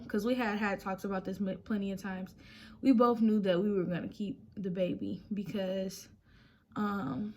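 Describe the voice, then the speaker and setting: A young woman vlogger chatting casually, retelling a personal story and acting out quotes. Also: medium pitch.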